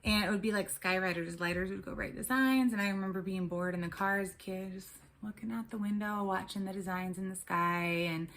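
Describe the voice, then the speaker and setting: Gravelly-voiced woman rambling to camera. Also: medium pitch, fairly even intonation, fairly quick, hardly any pauses, a bit bright. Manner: rambling, chatty, with many ums and restarts. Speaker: tarot and spirituality vlogger; mother of three. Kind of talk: casual storytelling to camera.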